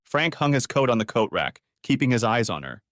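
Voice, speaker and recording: A man narrating a story audiobook in a steady, even storytelling manner. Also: medium pitch, brisk, dry recording, studio quality.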